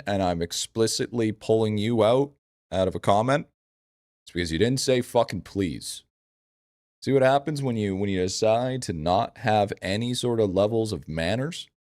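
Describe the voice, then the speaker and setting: Male game streamer, lowish voice, blunt and foul-mouthed, loops his phrases, dry close sound. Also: normal speed, darkish tone, no room sound. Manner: blunt, profane, repeats phrases. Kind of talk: casual live-stream chat answering viewers.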